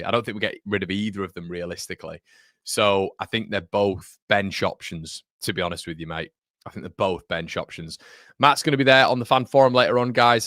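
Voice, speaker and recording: A man with a lowish voice hosts a casual fan livestream, reading viewer comments aloud and chatting back to them. He rambles a little, corrects himself mid-sentence and keeps calling people mate. The sound is close and dry, with no room around it. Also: sharp tone, dry recording. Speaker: fan channel host.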